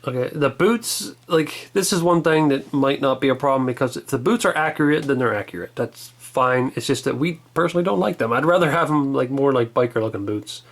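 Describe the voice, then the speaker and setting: Relaxed man casually reviewing a toy. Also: mid-range voice, brisk, few pauses. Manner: relaxed, rambling, hesitant restarts.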